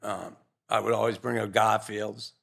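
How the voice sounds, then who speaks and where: Older male guest, gravelly voice, earnest, rambling anecdotes with restarts. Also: on the low side, steady tone, moderate pace, fairly bright tone. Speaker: guest, former pro hockey player. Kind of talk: casual interview storytelling.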